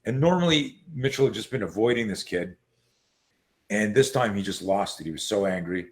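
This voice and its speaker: A man being interviewed as a self-defense coach, telling stories in a lively casual way and acting out what people said. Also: fairly low pitch, moderate pace. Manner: animated storyteller who acts out quoted voices; frequent fillers and restarts.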